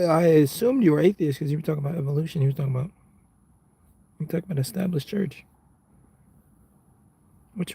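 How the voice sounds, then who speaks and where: Husky, gravelly streamer guy. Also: fairly high pitch, mellow. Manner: laid-back, rambling, drops bro and man often. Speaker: live streamer chatting with viewers. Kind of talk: casual chat with live chat. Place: inside a car.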